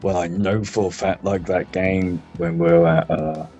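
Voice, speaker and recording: A man chatting casually about a game, relaxed and swearing freely. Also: deep voice, moderate pace. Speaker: gaming podcast host. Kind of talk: casual chat. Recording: muffled lo-fi sound, faint music.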